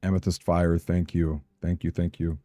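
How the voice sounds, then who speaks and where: A young man with a fairly low voice chats loosely through a live game stream. He reads comments aloud, laughs easily and second-guesses himself. The sound is close and dry with no room behind it. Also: flat delivery, moderate pace, mellow, no echo. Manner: chatty, self-conscious, laughs often, reads chat aloud. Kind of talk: casual live-stream chat while playing.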